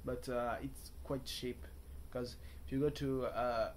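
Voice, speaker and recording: A young man vlogs to camera from a hotel room, rambling casually, chatty and self-mocking as he drifts onto tangents. His medium-pitched voice is a little mellow with fairly even intonation, and he takes it slowly over a faint hiss or hum.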